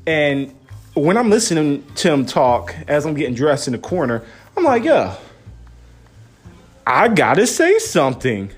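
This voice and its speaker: A man's voice: on the high side, slightly rough, soft background music. A young man, a father, ranting into his phone camera about his basketball team, firing off incredulous rhetorical questions. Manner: animated, incredulous, rapid-fire rhetorical questions. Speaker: sports fan vlogger. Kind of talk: casual phone-camera rant.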